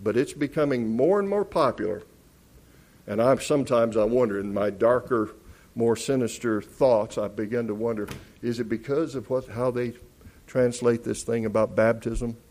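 A man's voice: medium pitch, moderate pace. A man preaching a sermon, emphatic and teacherly, asking questions and answering them. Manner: emphatic, rising loud on key words.

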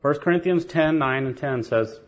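A man's voice: on the high side, normal speed. A man preaching a sermon, telling stories with rhetorical questions and light laughter. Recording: dull lo-fi sermon recording.

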